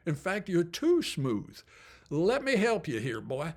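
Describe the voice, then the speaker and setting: Man putting on a Southern good-ol'-boy racing coach: high, drawling, blunt, folksy. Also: wildly swooping pitch, slow, exaggerated voice. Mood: teasing. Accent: American Southern.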